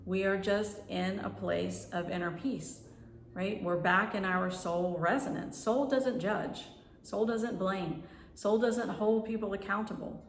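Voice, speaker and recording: A woman's voice: medium pitch, steady tone, a little slow, slight background noise. A woman spiritual life coach giving a flowing teaching monologue, repeating phrases and checking in with "right?". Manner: flowing, repetitive, tags lines with "right?". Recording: roomy, from far off the mic.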